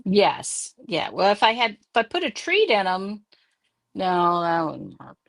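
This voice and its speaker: A woman's voice: medium pitch, wildly swooping pitch, gravelly, fairly bright tone. A woman host rambling casually about her crafts and home life on a video call. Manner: rambling, unhurried storytelling. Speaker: podcast host. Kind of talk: casual chat.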